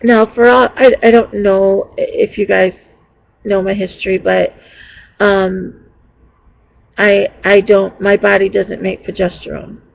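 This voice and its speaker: A woman's voice: mid-range voice, flat delivery, slow pace, vocal fry. A woman vlogger telling her viewers a story in a rambling, casual way with many fillers and restarts, sounding exasperated. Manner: exasperated retelling. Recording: dull lo-fi home recording.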